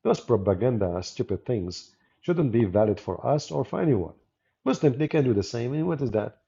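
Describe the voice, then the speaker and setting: A man's voice: mid-range voice, animated, moderate pace, gravelly, warm tone. A man with an Arabic accent, a native Arabic speaker, giving mocking, sarcastic live-stream commentary as a debater and channel host. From Arab world. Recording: dull lo-fi audio.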